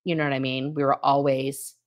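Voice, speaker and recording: A woman's voice: a bass voice, level tone, a little fast. A middle-aged woman co-hosting a casual livestream chat, talking in a reflective, rambling way and often asking "you know what I mean". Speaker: co-host.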